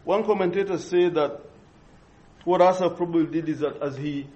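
A man preaching an expository sermon, earnest and measured, pausing and restarting as he thinks. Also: on the high side, darkish tone. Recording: dull lo-fi recording.

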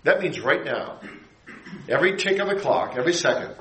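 A middle-aged man preaching a sermon, building his phrases to emphatic high peaks and then dropping low. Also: expressive, brisk, fairly bright tone, echoey room, slight background noise, rough recording.

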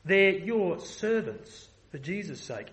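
High-voiced man preaching a sermon. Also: big pitch swings, slow pace, fairly bright tone, low-quality recording. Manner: earnest, emphatic, with frequent restarts.

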